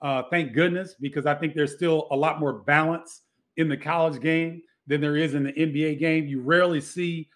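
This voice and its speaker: A man's voice: a little high, steady tone, moderate pace. A middle-aged man, a former basketball player, telling stories in a casual interview with many restarts.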